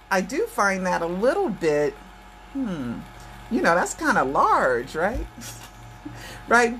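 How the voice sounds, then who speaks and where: A woman's voice: on the low side, a bit bright, slight background noise. Fired-up American woman vlogger. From United States. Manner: emphatic, repeats phrases, addresses viewers directly. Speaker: channel host. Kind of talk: impassioned political rant to viewers.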